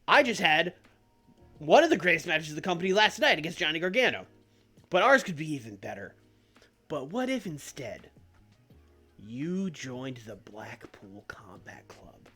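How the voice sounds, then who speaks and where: Man doing a brash male wrestler, overexcited promo, raised high voice, lively swings. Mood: persuasive. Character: cocky loud male pro wrestler recruiting rivals.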